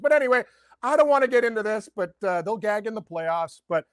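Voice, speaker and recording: A middle-aged man giving sports betting picks in a rambling, excitable casual chat, full of rhetorical questions. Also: high-pitched, a little fast, dry recording, clean studio sound.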